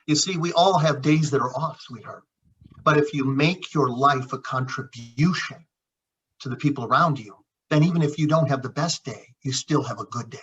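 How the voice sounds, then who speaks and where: A man's voice: medium pitch, normal speed, a bit bright, slight background noise. A middle-aged man, a chiropractor guest, telling a story in conversation and acting out the dialogue with frequent repeats. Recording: dull lo-fi audio.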